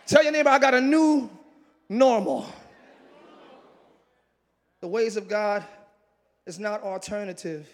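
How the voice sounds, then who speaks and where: A man pastor preaching a lively sermon, swinging between loud shouted lines and quiet joking asides with the congregation, breaking into ecstatic exclamations. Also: high-pitched, takes it slowly, long pauses. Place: large church sanctuary with congregation.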